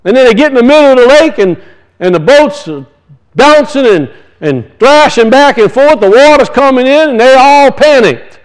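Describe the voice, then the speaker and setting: A pastor with a noticeably high voice delivers a sermon in a loose, conversational way. He keeps asking his listeners questions, then drifts into homespun stories. He sounds middle-aged. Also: expressive, moderate pace, clear, resonant tone, rough recording. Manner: conversational preaching with rhetorical questions and folksy stories.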